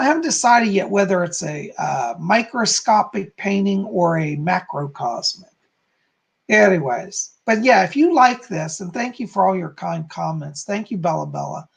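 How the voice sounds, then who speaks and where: Hosting a relaxed live stream, a psychic works through viewers' chat comments in a rambling, filler-heavy way. His voice sits high and sounds hoarse, and he clears his throat often.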